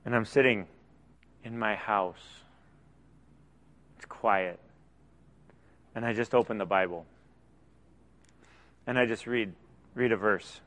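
A man preaching a conversational sermon, often dropping to soft, quiet asides. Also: on the low side, takes it slowly, pauses often. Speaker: pastor.

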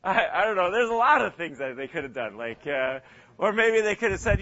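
A man's voice: on the high side, big pitch swings, normal speed, bright, forceful tone, highs cut off. A man leading a casual Bible study, talking hesitantly with frequent chuckles and acting out little quotes. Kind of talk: casual interactive Bible teaching.

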